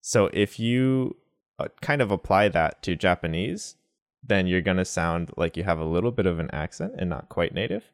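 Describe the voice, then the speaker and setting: Deep-voiced man explaining pronunciation. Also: no echo, clean studio sound. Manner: explains slowly with examples, mixing in Japanese words. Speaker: language teacher. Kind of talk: casual language lesson.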